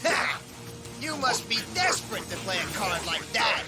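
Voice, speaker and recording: A man's voice: high-pitched, very animated, normal speed, music in the background. A man voicing a gloating, mind-controlling villain in a dubbed cartoon, mocking and menacing. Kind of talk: cartoon dub acting.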